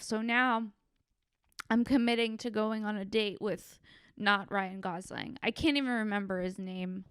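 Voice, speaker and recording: A woman hosts her own podcast alone, telling comic stories with loose, rambling, profane energy. Her voice sits a little high and comes across smooth and clear. The room is dry, with no echo behind her. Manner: animated, rambling, profane storytelling. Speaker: podcast host. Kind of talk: solo comedic podcast monologue. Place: Los Angeles.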